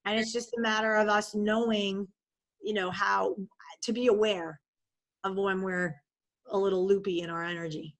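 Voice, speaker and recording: A middle-aged woman speaks as a guest in a relaxed conversation. Her storytelling is candid and expressive and full of fillers like "you know" and "like." Her voice sits at a middle pitch. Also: moderate pace.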